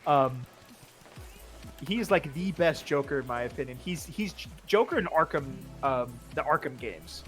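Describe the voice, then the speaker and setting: A man with a slightly raised pitch hosts a casual stream chat, rambling through his thoughts with plenty of "like" and false starts. Faint music plays in the background. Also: expressive, normal speed, a bit bright. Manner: rambling, heavy use of "like", frequent restarts. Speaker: streamer host.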